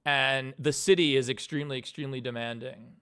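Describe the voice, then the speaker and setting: A man of ordinary pitch talks on a casual stream about his own animation work. He is relaxed and joking, swears freely and breaks into laughs. His tone stays loose and conversational. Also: a little fast, clean tone, dry recording, studio quality. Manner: laid-back, swears casually, laughs often. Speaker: animator and channel host.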